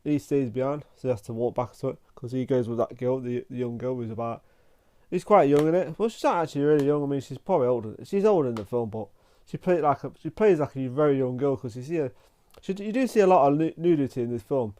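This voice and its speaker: A man giving a casual spoken film review, rambling and halting, often restarting his sentences and filling them with "like". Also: mid-range voice, expressive, warm tone.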